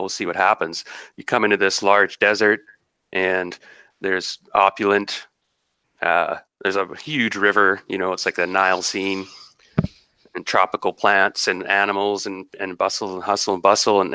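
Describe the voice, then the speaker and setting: A man's voice: fairly low pitch, pushed and bright, clean tone, dry recording. A man narrating as game master of a tabletop game, rambling and descriptive with many restarts.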